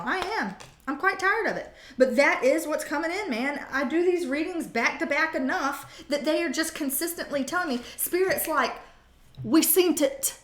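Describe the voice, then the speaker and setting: A woman's voice: sits high, bright, forceful tone, reverberant. A woman doing a casual live tarot reading, chatty and jokey, rambling and swearing freely. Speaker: tarot reader.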